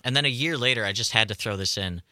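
A man with a low, very bright, cutting voice, co-hosting a radio show on a dry studio mic. He reads trivia with stumbles and corrections. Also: fast talker, no echo. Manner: hesitant, with fillers and self-corrections. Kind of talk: casual radio chat.

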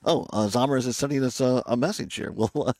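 A man hosting a live radio show outdoors by a lake, chatting casually with quick laughs and self-corrections. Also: medium pitch, a little mellow, dry recording. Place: outdoors by a lake, remote broadcast.

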